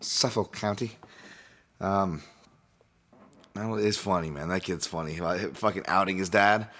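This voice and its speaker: A man with a very low voice hosts a solo podcast, rambling and doubling back on himself. His throat is sore and strained, and he laughs at himself now and then. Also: normal speed, fairly bright tone. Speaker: podcast host and fight analyst. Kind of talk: casual solo podcast breakdown.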